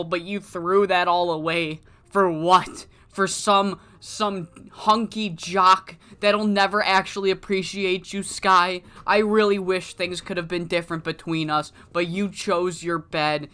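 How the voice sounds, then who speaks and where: A smug, bitter wrestler mocks the woman who turned him down, swinging between sweet-talk and scorn in a wrestling-game promo, voiced by a man. The tone is bright and forward. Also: high voice, fairly even intonation, unhurried, hardly any pauses, clear, resonant tone. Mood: taunting. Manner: mocking, self-pitying taunts. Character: jilted, smug male wrestler taunting his ex.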